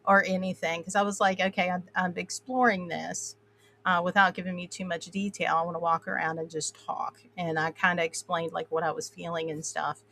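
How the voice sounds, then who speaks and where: A woman from the Appalachian Mountains in the USA chats casually with an Appalachian twang, rambling, leaning on fillers, and laughing often. Her lowish, level voice is fairly quick with vocal fry, and a crowd can be heard behind her.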